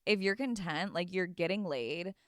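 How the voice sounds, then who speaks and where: A woman's voice: lowish voice, moderate pace, a bit bright, smooth, no room sound, clean studio sound. A woman co-hosting a podcast, talking in a laid-back, blunt and profane way. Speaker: podcast co-host. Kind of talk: casual podcast chat.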